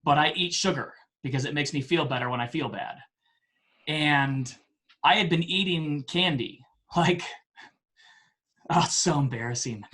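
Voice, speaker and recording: A man in his forties, a podcast guest telling a story in a casual, animated way, often laughing and poking fun at himself. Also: on the high side, normal speed. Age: 40s.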